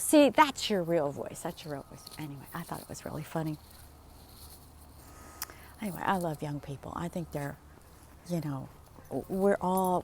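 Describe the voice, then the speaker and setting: Woman, 60s, lower voice, casual walking vlog, rambles and acts out quotes; light outdoor hiss. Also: a little mellow. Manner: rambling storytelling, acting out quotes. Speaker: vlogger. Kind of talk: casual chat while walking. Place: outdoors in the desert.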